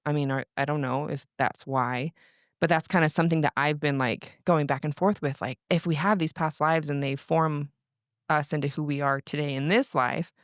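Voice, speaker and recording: A woman's voice: low-pitched, fairly even intonation, normal speed, no echo, studio quality. A young adult woman, a podcast guest, telling a personal story in casual chat, rambling with lots of "like" and restarts. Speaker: podcast guest, breathwork practitioner.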